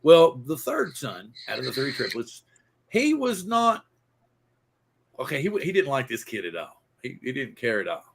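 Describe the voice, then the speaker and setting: Man, podcast host, rambling joke teller, gravelly, husky, lively pitch. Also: moderate pace. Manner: rambling, embellished storytelling with restarts. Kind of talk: casual joke telling.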